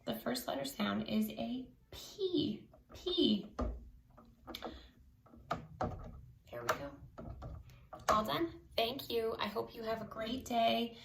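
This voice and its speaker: A woman teacher giving a slow phonics lesson to children, stretching out each sound clearly. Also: a little high, noisy background. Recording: echoey room.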